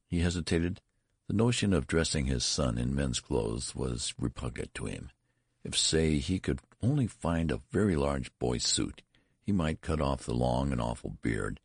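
A man narrating a story in a measured, wry manner. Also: rumbling low, vocal fry, husky, no room sound, clean studio sound.

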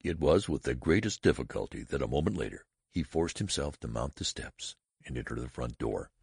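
A man narrating a classic story as an audiobook, with measured, expressive storytelling. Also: extremely low pitch, vocal fry, breathy edge, no room sound, clean studio sound.

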